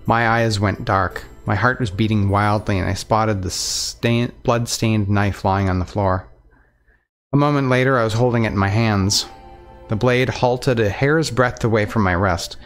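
A man with a lowish voice reads a visual novel aloud. His first-person narration is earnest and steady. Faint music sits under his voice. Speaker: let's play narrator.

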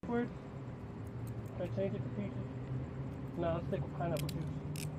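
A man's voice: sits high, normal speed. A man being arrested in an outdoor car park, joking and rambling in playful banter. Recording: noisy outdoor street recording with traffic.

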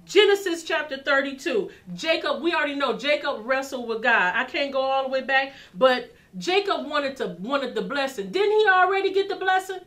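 A woman minister in full sermon, her voice high and bright. She preaches with passion, circling back over her phrases and building them up as she goes. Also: lively intonation, moderate pace, hardly any pauses.

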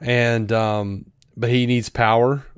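A man co-hosting a podcast, talking through a show review in a rambling, animated way with lots of fillers and restarts. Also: mid-range voice, takes it slowly, clear, resonant tone, no echo. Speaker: podcast co-host. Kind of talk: casual review chat.

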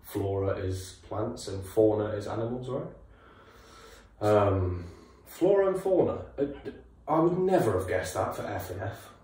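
A man hosting a casual music reaction video, animated and enthusiastic. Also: fairly low pitch, a little slow, very echoey, distant mic. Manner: animated, laughing, enthusiastic, swears.

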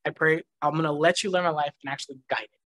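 A man's voice: on the high side, fast talker. A man giving a personal testimony at church, telling his story with animation and frequent laughter. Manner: animated storytelling, laughs often, acts out voices in quotes.

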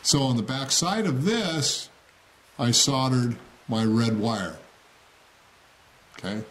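A man's voice: medium pitch, expressive, takes it slowly, a bit bright. A man giving a casual how-to tutorial on a hobby build, plain-spoken and checking in with "okay?" after each step. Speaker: model railroad hobbyist demonstrating.

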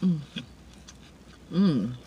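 A woman's voice: low-pitched, lively intonation, very slow, breathy edge, highs cut off. A woman hosting a casual eating show, chatting with her viewers between mouthfuls and calling them y'all. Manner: eats and chews between remarks. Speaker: mukbang vlogger.

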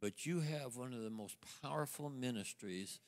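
Older male minister, halting storyteller, mid pitch, church reverb. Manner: storytelling, halting restarts, acts out quoted voices. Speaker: guest minister. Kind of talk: sermon testimony to a congregation. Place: church sanctuary. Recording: long church hall reverb.

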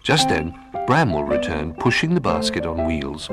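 A man narrating a children's storybook in a gentle, expressive manner. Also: extremely low pitch, normal speed, over loud music.

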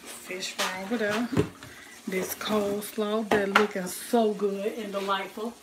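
A woman talking to viewers in a relaxed way while she cooks in her home kitchen, with frying sizzling behind her. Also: mid-range voice, unhurried, very noisy. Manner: chatty, talks to viewers and family at home. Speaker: cooking vlogger. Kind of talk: casual cooking vlog.

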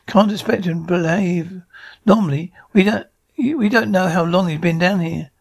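A man voicing a calm, curious traveller who talks things through reasonably. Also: sits high, moderate pace, creaky, husky, heavily acted.

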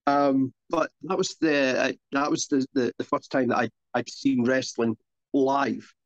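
A man's voice: mid-range voice, steady tone, measured pace, no room sound. A Scottish man in his forties, a wrestler guest telling long anecdotes on a podcast. He talks loosely and restarts his sentences often. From Scotland. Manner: rambling anecdotal storyteller with many restarts. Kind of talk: casual podcast interview storytelling. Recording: dull dry lo-fi audio.

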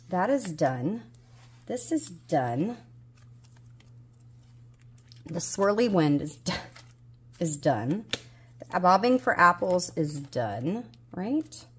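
A woman's voice: lowish voice, big pitch swings, very slow, pauses often, a little hiss or hum. A woman in her forties with a Southern US accent, chatting casually to herself as she plays a budgeting game and hunts for pieces, mildly exasperated. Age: 40s. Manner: talks to herself while searching, mildly exasperated. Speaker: budgeting vlogger. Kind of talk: casual solo chat.

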